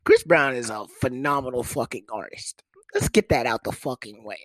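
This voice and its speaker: Casting: young man, stand-up storyteller, lively swooping pitch, dry close sound, crude and animated. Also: moderate pace, dry recording. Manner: profane, animated, jumps into high-pitched voices for quoted people. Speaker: comedian telling a story. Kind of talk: casual storytelling monologue.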